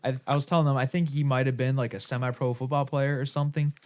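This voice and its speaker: A male podcast host spinning a loose, expletive-heavy story in a casual chat. He rambles, circles back with restarts, and laughs at his own tale. His pitch sits in a middling range. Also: steady tone, quick pace, darkish tone. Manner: rambling, profane, laughing often.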